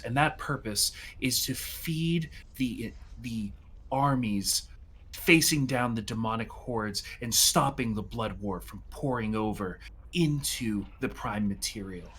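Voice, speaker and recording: A man's voice: on the low side, a bit bright, husky, heavily acted. A man voicing a smug male infernal inventor who boasts about his war machines, self-justifying.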